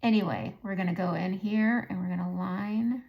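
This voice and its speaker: A woman's voice: medium pitch, moderate pace, gravelly, a little mellow, muffled recording. A woman with a Southern American accent, chatting casually and thinking aloud as she does her makeup for a beauty vlog. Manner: chatty, thinking aloud, self-talk while applying makeup. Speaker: beauty vlogger. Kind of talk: casual makeup tutorial chat.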